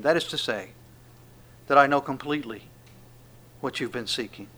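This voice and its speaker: Man, preacher, sermon, fairly high voice, booming then hushed, acts out quotes. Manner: dramatic swings between loud proclamation and hushed asides.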